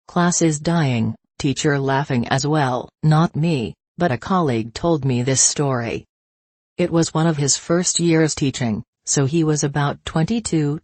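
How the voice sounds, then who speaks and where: A text-to-speech voice reading short stories in an even synthetic delivery. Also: medium pitch, dry recording. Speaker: story narrator.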